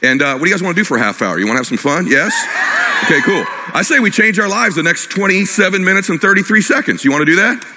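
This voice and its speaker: Male keynote speaker, bright forceful tone, quick punchy delivery, long hall reverb. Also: sits high, lively intonation, slight background noise. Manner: fast, punchy, jokes with the crowd. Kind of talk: energetic motivational speech. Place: large hall with live audience.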